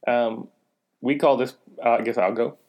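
A man's voice: medium pitch, fairly even intonation, normal speed, darkish tone. A man co-hosting a podcast, telling a story in a casual, rambling, frank way with some swearing. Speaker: podcast co-host.

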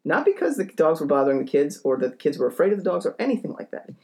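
Speaking very fast in a fairly high, sing-song voice with a darkish tone, a young man recounts a funny story on a podcast. He wanders and hesitates, leaning on fillers and self-deprecating asides.

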